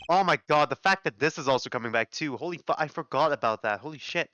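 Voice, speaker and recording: A man giving casual, excited commentary on a game playthrough, with quick, profane asides. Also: fairly high pitch, a little hiss or hum. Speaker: gameplay streamer.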